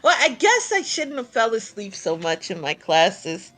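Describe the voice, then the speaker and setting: A woman with a New York accent casually commentating a video game tournament, excitable and quick to laugh. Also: mid-range voice.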